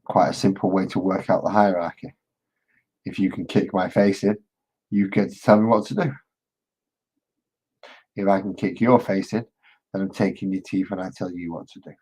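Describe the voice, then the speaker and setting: A man with a deep, slightly husky voice talks casually to his live-stream viewers as he paints. He rambles from one thought to the next and jokes with the chat. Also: fairly even intonation, normal speed, long pauses, darkish tone, low-quality recording. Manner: rambling, joking, chats with viewers.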